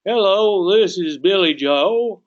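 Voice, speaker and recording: A friendly Southern man answers the phone in a slow, drawn-out Southern accent, as a male trainer puts him on. His voice sits high and loud, set a little back from the mic. The recording is dull and lo-fi. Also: expressive. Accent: Southern US, put on. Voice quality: slow drawl.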